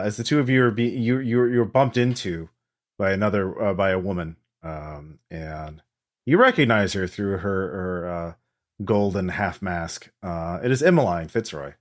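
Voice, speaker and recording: A man runs a tabletop game in a very low voice, narrating slowly with frequent ums and pauses. His delivery is hesitant but atmospheric. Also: animated. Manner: halting, many ums, slow and atmospheric. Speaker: game master.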